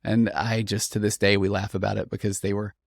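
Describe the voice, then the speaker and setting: In a dry, studio-quality recording, a middle-aged man with a gravelly, lowish voice speaks a little fast. He's a podcast host and therapist delivering a conversational monologue, reading listener stories and reflecting on them earnestly, growing animated when he quotes them.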